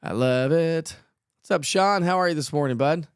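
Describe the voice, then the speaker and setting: Chatty weather host. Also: male voice, fairly high pitch, normal speed, clean tone, no room sound, clean studio sound. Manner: chatty, reads viewer comments aloud and answers them; frequent fillers and laughs. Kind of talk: casual live-stream chat.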